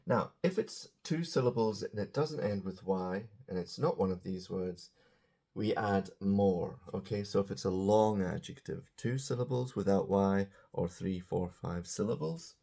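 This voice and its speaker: Low gravelly-voiced male English teacher. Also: mellow. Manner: chatty, joking asides, slow drawn-out example words. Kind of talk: casual grammar lesson to camera. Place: indoors beside a small whiteboard.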